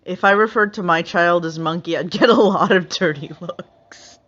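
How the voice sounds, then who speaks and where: In a slightly muffled lo-fi recording, a female reaction video host offers sarcastic, laid-back commentary, often breaking into laughter. She speaks at a normal speed in a lowish, somewhat bright voice.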